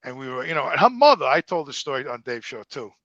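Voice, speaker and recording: A middle-aged man with a New Jersey accent, telling profane, animated stories in a casual interview and acting out the dialogue. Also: medium pitch, fast, dry recording, lo-fi sound. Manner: profane, animated storyteller who acts out quoted dialogue. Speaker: guest.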